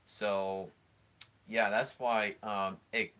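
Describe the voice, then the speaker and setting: A man hosting a live stream, talking over a sports broadcast in a halting way, full of fillers and restarts. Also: fairly low pitch, level tone, sharp tone, clean tone. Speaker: stream host commentating along with a broadcast. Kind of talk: casual live commentary.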